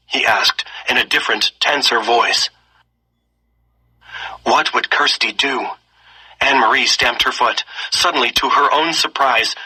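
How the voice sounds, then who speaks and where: Male story reader, expressive narration with teaching asides; bright, tense tone, breathy texture. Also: medium pitch, moderate pace, poor audio. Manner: expressive reading, slipping into character voices. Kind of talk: reading a story aloud with lesson questions.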